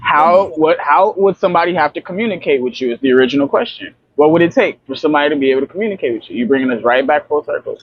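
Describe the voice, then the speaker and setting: A man on a casual panel debate who jokes and teases bluntly, throwing in quick quips. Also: on the high side, animated, dry recording, highs cut off. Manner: joking, blunt, teasing.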